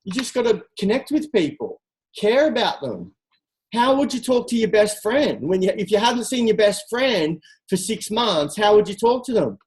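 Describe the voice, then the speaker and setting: A coach speaking to a team on a call. The delivery is energetic and direct, built on rhetorical questions that push listeners to act. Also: mid-range voice, normal speed, rough recording. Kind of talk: motivational talk on a group call.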